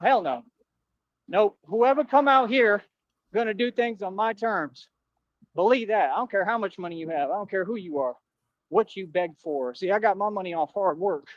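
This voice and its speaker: Man, high voice, defiant street talk, muffled replayed clip. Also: normal speed, no echo. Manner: defiant, street slang, calls people bro. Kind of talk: clip played on a livestream.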